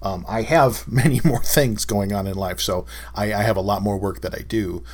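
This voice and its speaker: A man's voice: fairly low pitch, moderate pace, darkish tone. A middle-aged man hosting a solo podcast in a casual, wry and exasperated way, often chuckling. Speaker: podcast host.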